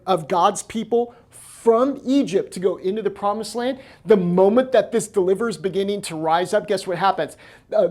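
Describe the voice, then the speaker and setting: American pastor guy preaching, lively, acts out little voices. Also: high-pitched. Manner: animated preaching, acting out quoted voices. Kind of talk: sermon.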